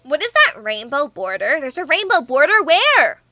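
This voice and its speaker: Bubbly high-voiced young woman streamer. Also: very animated, moderate pace, sharp tone, dry recording, studio quality. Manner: bubbly, playful and teasing. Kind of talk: casual livestream chat reading comments.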